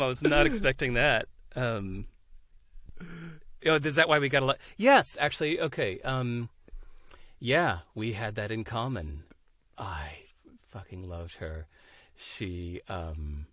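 A man in an easy podcast chat, lively and expressive, often slipping into voices for the people he quotes. His voice sits at a middle pitch. The sound is close and dry, with no room echo. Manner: animated, acts out quoted voices, laughs often. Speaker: interview guest. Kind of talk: casual podcast conversation.

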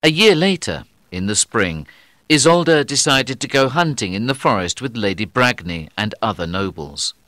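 A man narrating a graded-reader story with careful, deliberate reading. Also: medium pitch, very animated, bright, forceful tone, no echo, clean studio sound. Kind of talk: scripted audiobook narration for learners.

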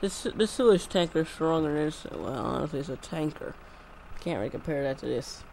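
A woman's voice: low voice, animated, brisk, creaky, a little mellow, slight background noise. A woman giving casual let's-play commentary, rambling and thinking aloud as she mumbles to herself. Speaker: gameplay commentator.

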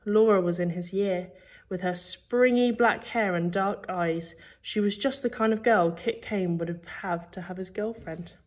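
In an unhurried, medium-pitched voice, a woman teacher from a primary school reads a children's story aloud, performing the characters expressively.

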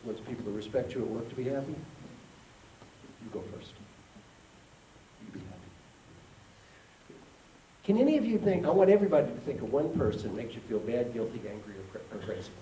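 A man gives a motivational keynote and leads the crowd in call and response. His pitch swings widely. He sounds distant in an echoey hall, over faint background noise. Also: big pitch swings, a little fast, long pauses, mellow. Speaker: keynote speaker. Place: conference hall with an audience.

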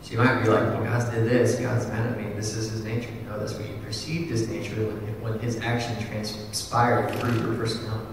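A young adult man preaching a sermon in a casual, animated storytelling manner, full of asides. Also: fairly low pitch, slight background noise. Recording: echoey hall, far from the mic.

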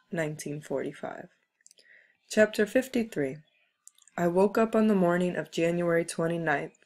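A woman reads a book aloud at a measured, steady pace. Her voice is fairly low for a woman. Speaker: reader.

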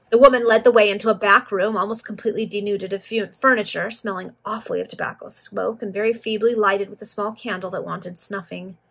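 A woman reading an old novel aloud, her voice slightly husky and breathy. She keeps a steady pace at a middling pitch and now and then stumbles over a word and corrects herself. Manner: steady, with occasional misreadings. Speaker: reader.

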